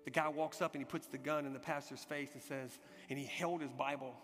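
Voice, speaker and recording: A man preaching a sermon, telling a story dramatically, swinging from urgent loud passages to hushed, quiet ones. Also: medium pitch, fairly even intonation, fairly quick. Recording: long hall reverb with music behind.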